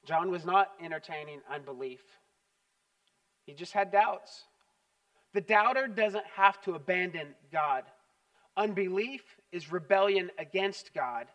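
A pastor preaching a sermon, telling stories with animated, emphatic repetition. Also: male voice, high-pitched, a little slow, distant mic.

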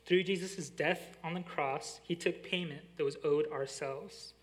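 A young adult man who serves as a college pastor preaches in a voice on the high side. He tells a lively story in his sermon, slowing and softening on the key lines.

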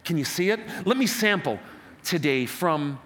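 A man preaching a sermon as pastor, animated, rousing his congregation in call-and-response. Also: fairly high pitch, normal speed.

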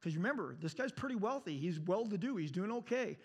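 A man preaching a sermon in an animated way, moving between loud and hushed passages. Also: sits high, fairly quick, breathy edge.

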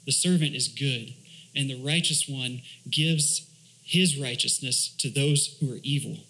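A man's voice: mid-range voice, a little slow, bright, forceful tone, low-quality recording. A man, a church elder, preaching a sermon, asking rhetorical questions, reading scripture aloud and explaining Hebrew words.

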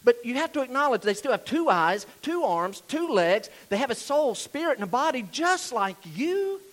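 A man's voice: extremely high pitch, very animated, normal speed, a bit bright. A male pastor with a Southern US drawl preaching a sermon in a direct, conversational way, putting pointed questions to his listeners.

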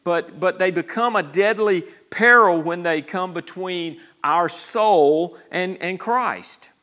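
A man's voice: sits high, slow pace, sharp tone. A man preaching a sermon as pastor, talking conversationally with many restarts and asking the congregation for responses. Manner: conversational preaching with frequent restarts and repeated words.

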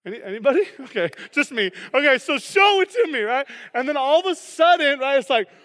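A man delivers a sermon. He is animated, acts out excited reactions and keeps checking in with "right?" and "okay?". His voice carries with a long hall reverb around it. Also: extremely high pitch, a little fast. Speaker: pastor. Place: church hall.

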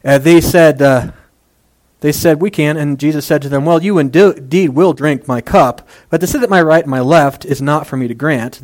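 A man's voice: a little high, a little mellow. A man preaching a casual, conversational sermon, making jokey asides and using plenty of fillers. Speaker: pastor.

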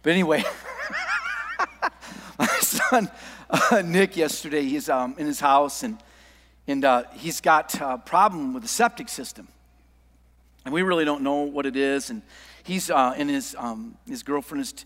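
High-voiced animated male preacher. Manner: animated, swings from quiet to shouting. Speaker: pastor. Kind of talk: sermon with anecdote. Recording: long hall reverb.

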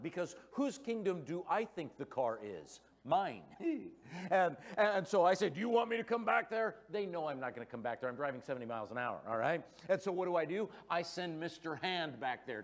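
A man's voice: on the high side, long reverb tail. A middle-aged man preaching a sermon in a church, telling stories with playful humor. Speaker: guest preacher. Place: church sanctuary.

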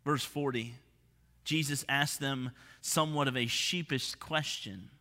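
A man preaching a sermon as pastor, expressive, dropping to hushed tones for emphasis. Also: mid-range voice, a little slow, big-room sound.

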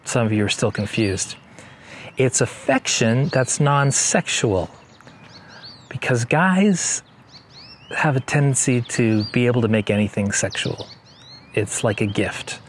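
A man preaching a sermon as pastor, conversational and joking, slowing down to stress key points. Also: on the low side, slight background noise. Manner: conversational and joking, slows down for emphasis. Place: church service.

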